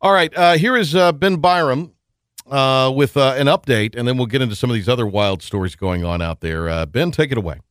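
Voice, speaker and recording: A man with a mid-range voice hosts a sports talk radio show, joking around casually with his co-host. He's animated and quick with a joke, often restarting his sentences. The recording is dry and clean, with studio sound.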